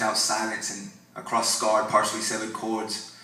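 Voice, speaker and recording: A man performs spoken word poetry live in a cafe, his delivery impassioned and prayerful with deliberate phrasing. His voice is bright and forward. He sounds somewhat distant from the mic, in an echoey room. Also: on the low side, monotone. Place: cafe stage.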